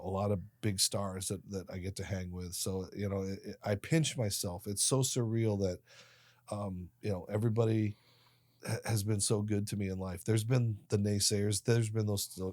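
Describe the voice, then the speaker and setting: A man in his late fifties, a podcast guest who tells his life stories in an animated way and acts out the people in them. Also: lowish voice, no echo, studio quality. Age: 50s. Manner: animated storyteller, voices other people in his anecdotes. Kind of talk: storytelling interview.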